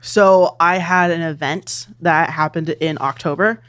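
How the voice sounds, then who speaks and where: A woman's voice: deep voice, steady tone, unhurried, a bit bright. A woman guest who streams as a VTuber, talking hesitantly and defensively. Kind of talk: casual call-in chat.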